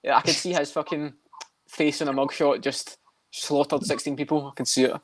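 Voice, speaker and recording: A man co-hosting a podcast, riffing quickly and swearing between laughs. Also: fairly high pitch, fairly even intonation. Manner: quick, profane, laughing riffs. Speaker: podcast co-host. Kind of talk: casual podcast chat.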